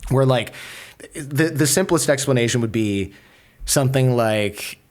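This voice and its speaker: A man being interviewed, telling a story in a lively, casual way and peppering his speech with "like". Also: mid-range voice, unhurried. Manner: animated, acts out quoted voices, many filler "like"s. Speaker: podcaster guest.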